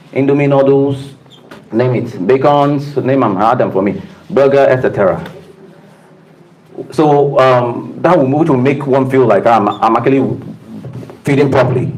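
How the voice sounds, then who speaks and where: Heard through poor audio, a man's medium-pitched, slightly mellow voice rallies a roomful of staff in a motivational talk. His delivery is emphatic and preacher-like, with frequent call-outs to the live audience.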